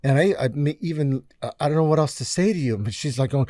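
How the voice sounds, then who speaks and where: Mellow-voiced man telling animated stories. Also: medium pitch, fast talker, hardly any pauses, dry recording. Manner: animated storyteller acting out quotes, many fillers. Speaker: music producer guest. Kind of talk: casual storytelling interview.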